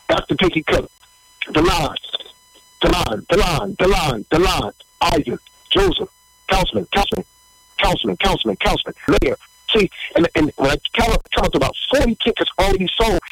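A middle-aged man preaches with a lively, swinging delivery, his voice rising and falling through repeated emphatic phrases. There is a gravelly fry on his words, and the sound is close and dry with little room echo. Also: on the high side. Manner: animated, repetitive emphatic preaching. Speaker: pastor. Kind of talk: livestreamed sermon with announcements.

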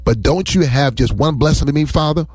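A man's voice: on the high side, a little fast, darkish tone, slightly rough, no echo, clean studio sound. A preacher doing a weeping, begging young man. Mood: pleading.

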